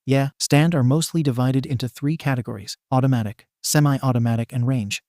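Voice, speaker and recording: A man's voice: mid-range voice, steady tone, fairly quick, warm tone, dry recording, clean studio sound, natural voice. A man reading the lines of a self-proclaimed male god who explains rules in a lecturing, matter-of-fact way, in a fan storybook reading. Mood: explaining.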